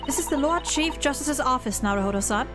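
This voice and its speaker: A polite, composed young woman assistant who explains things patiently, as a woman reads her game lines. The voice is a little high. Game music plays clearly underneath. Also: animated, a little fast. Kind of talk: reading game dialogue aloud. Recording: game music playing behind.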